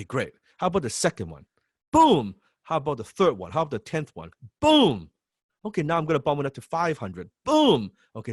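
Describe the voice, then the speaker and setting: A man voicing a wish-granting genie that grants goals without judging them, in quick, clipped exclamations. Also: a little high, breathy edge, no echo, clean studio sound, full character voice.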